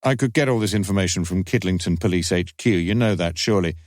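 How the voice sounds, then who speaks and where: A man's voice: deep voice, quick pace, a little mellow, dry recording, clean studio sound, close to an everyday voice. A man reading a cultured, authoritative old inspector. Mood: probing. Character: cultured older male police inspector, sharp and dry.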